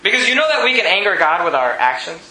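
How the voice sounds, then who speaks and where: A man preaching a sermon, animated and rising to near shouts on key points, reading scripture in a lower, slower voice. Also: noisy background. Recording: echoey room with faint ambience.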